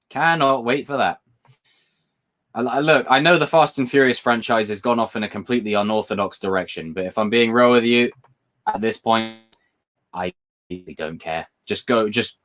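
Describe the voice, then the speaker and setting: Reading through comments on his livestream, a British man chats casually and hops between topics. His voice is medium in pitch with a fairly bright tone.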